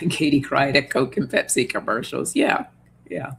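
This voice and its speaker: Woman hosting a reading stream, chill chatty tone, a bit of vocal fry, laughs a lot, faint hiss behind. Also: a bass voice, unhurried. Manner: chatty and reassuring, laughs often, many fillers. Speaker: host of an oracle card reading livestream. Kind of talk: casual livestream chat, reading viewer comments.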